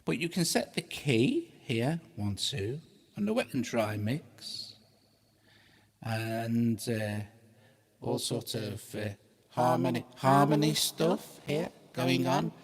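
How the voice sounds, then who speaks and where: A host demonstrating audio effects jokes around with his voice run through a harmonizer pitch effect. He's slow, husky, and expressive, rambling and poking fun at himself in casual, playful demo chat.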